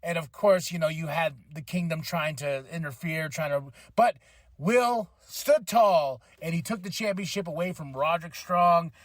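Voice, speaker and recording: A man hosting a podcast, recapping a wrestling show with animated enthusiasm and occasional excited shouts. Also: fairly high pitch, normal speed, no room sound, clean studio sound. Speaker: podcast host.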